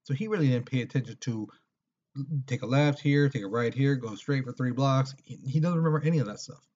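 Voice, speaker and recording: A man's voice: mid-range voice, brisk, a little mellow. A man teaching history in a casual lecture, telling the story in a chatty way and acting out scenes, on a dull lo-fi recording.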